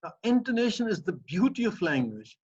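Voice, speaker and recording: A man's voice: high voice, big pitch swings, a little fast, breathy edge. A man with a Pakistani English accent, a professor explaining a point emphatically and piling up repeated phrases. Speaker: professor answering a student's questions. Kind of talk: explanatory academic talk. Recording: muffled lo-fi recording.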